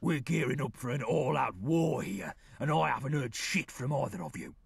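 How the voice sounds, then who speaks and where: A gruff, suspicious gang leader in a video game, with a very raspy, gravelly voice. He speaks bluntly and accusingly, his pitch swinging widely. The sound is dry and close. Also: lively intonation, normal speed, dry recording, exaggerated voice. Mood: angry suspicion.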